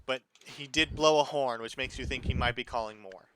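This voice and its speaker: A man's voice: mid-range voice, a little fast, noisy background. A man acting as dungeon master, casually narrating a tabletop game with plenty of fillers.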